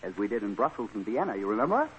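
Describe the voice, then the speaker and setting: A man's voice: on the low side, big pitch swings, racing. An actor playing a pompous male con man who calls himself a prince of thieves, in 1940s radio acting. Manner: pompous, lecturing. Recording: dull, hissy 1940s radio broadcast.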